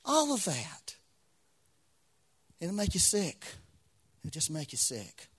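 A man's voice: on the high side, huge pitch swings, slow, a bit bright, slightly rough. A man preaching a sermon to a congregation, repeating phrases with swelling intensity. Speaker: pastor.

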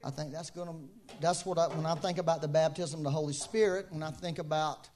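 A man with a notably high speaking voice delivers a sermon in a loose, conversational way. He circles back to his main phrases and says them again for emphasis, with plenty of casual fillers along the way. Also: steady tone, fast, a little mellow, a little hiss or hum. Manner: informal, repeats key phrases, many fillers. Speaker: preacher.

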